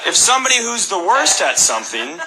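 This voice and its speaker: Mock-serious male comic, lively pitch. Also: a little fast, background noise. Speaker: stand-up comedian. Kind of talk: stand-up comedy routine. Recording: live club with loud audience laughter.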